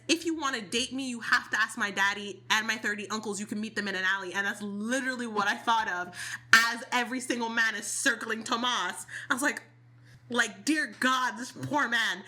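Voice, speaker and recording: A woman co-hosting a chatty podcast, telling stories with lively acted-out quotes and frequent laughs. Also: a little high. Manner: animated storytelling, laughs often, acts out quotes. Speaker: podcast co-host. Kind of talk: casual chat.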